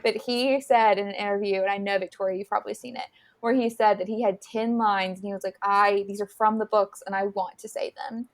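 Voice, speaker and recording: A young woman co-hosting a podcast in casual chat, excitable and gushing, laughing often as she talks. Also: medium pitch, brisk. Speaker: podcast co-host.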